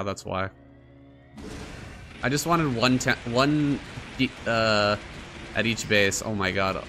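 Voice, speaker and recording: A man giving casual commentary over his own strategy game match, excitable and crude, swearing and mocking his opponent with frequent laughter. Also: on the low side. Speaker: gaming streamer.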